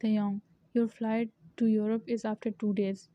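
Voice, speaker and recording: A woman voicing a ruthless young male mafia leader in a storybook reading, in a flat, even way. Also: mid-range voice, measured pace, natural voice. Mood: stern. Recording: dull lo-fi recording.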